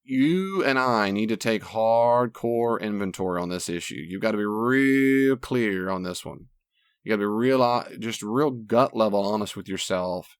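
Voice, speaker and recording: A man's voice: on the low side, measured pace, clear, resonant tone, no room sound, clean studio sound. A man hosting a Christian relationship podcast as a counselor, talking straight to the listener in an earnest, repetitive way.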